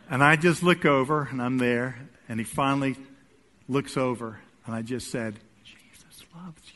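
A man preaching a sermon to his congregation, telling a humorous story and swinging between quiet asides and loud, emphatic peaks. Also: mid-range voice, a little hiss or hum. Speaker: pastor. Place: church sanctuary with congregation.

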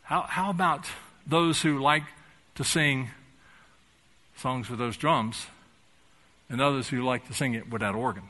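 A man's voice: mid-range voice, measured pace, long pauses, bright, forceful tone. A man preaching a sermon as pastor, talking in a conversational, folksy way with touches of humor and building to fervent emphasis.

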